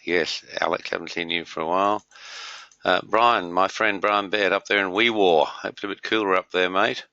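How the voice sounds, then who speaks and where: A man's voice: low voice, steady tone, normal speed, bright, forceful tone. A middle-aged man hosting a trading webinar, chatting casually and greeting viewers by name with many fillers and matey asides. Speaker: webinar host and trading tutor. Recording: dull lo-fi webinar audio.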